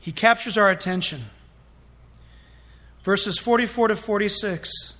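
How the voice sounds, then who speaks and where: Bright, high-pitched male preacher. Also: measured pace. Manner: animated, acts out scenes in voices. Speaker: pastor. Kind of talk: sermon. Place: church.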